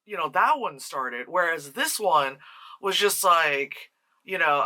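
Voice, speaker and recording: Casual vlog reviewer with a bright, sharp voice who rambles and swears. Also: mid-range voice, lively intonation, slow. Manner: rambling, profane, sarcastic, laughs often. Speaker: movie reviewer.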